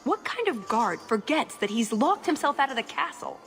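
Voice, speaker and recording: A woman's voice: sits high, sing-song, moderate pace, a bit bright, faint music behind, heavily acted. An actress voicing a sly female rogue in a video game, polite and wry. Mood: scheming.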